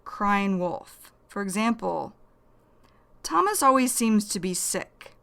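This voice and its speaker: A woman teaching English vocabulary in a slow, careful lesson, repeating each key phrase. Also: mid-range voice, big pitch swings, creaky, fairly bright tone.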